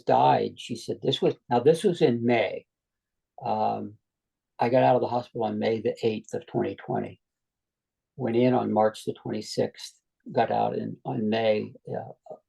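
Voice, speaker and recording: Interview guest, middle-aged male, gravelly and husky, dark tone, chatty storyteller who quotes others. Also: medium pitch, rough recording. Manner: retells dialogue at length, quoting others. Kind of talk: conversational storytelling.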